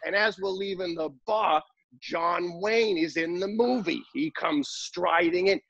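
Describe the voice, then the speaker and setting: A man's voice: high voice, unhurried, creaky, fairly bright tone, no room sound, highs cut off, pitched above the performer's own voice, exaggerated voice. A man putting on a saucy old Brooklyn lady. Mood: bawdy, gossipy. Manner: blurts out saucy stories. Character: chatty bawdy old woman accountant in her seventies.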